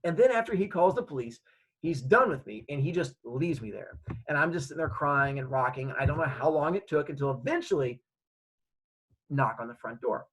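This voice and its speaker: A man's voice: a little high, expressive, a little fast, background noise. A man telling a funny story from his childhood, acting out the scenes. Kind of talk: comedic personal storytelling.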